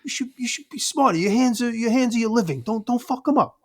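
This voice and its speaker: A man putting on a loud, brash, cursing scolder. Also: very high-pitched, animated, quick pace, voice pushed up. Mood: scolding. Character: brash foul-mouthed man friend scolding.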